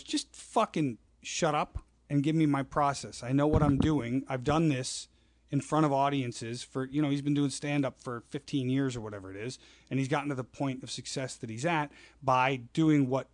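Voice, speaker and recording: A man telling show-business stories in a casual chat, animated, acting out quoted voices and swearing freely. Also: medium pitch, no room sound.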